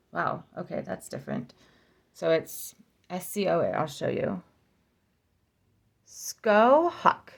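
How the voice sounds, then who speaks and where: A woman chatting casually in a vlog as she flips through an oracle deck, sounding out names slowly and saying them again and again. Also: on the low side, gravelly. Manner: chatty, practicing name pronunciations slowly and repeatedly.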